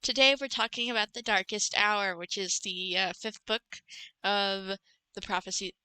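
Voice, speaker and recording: A woman's voice: mid-range voice, steady tone, moderate pace, sharp tone, clean tone, rough recording. A young woman hosting a podcast, recapping a book in a rambling, self-correcting casual chat. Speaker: podcast host.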